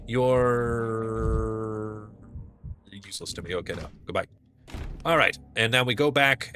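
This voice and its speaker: A man's voice: medium pitch, bright, forceful tone. A man thinking aloud while playing a game, rambling and trailing off mid-thought. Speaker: let's play host. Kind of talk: casual gameplay commentary.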